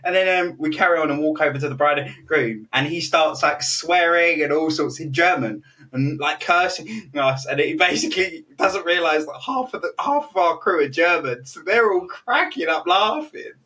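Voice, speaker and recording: A young British man telling funny stories in a relaxed chat, laughing and acting out what people said. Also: a little high, normal speed. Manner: chatty, laughing storyteller, full of fillers and quoted voices. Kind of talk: casual anecdote telling. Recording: voice a bit distant from the mic.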